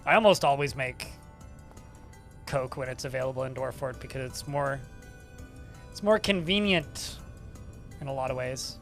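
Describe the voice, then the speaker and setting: A man's voice: mid-range voice, moderate pace, pauses often, fairly bright tone, faint music behind. A young man streaming a game live, chatting casually and sarcastically with his viewers and swearing freely.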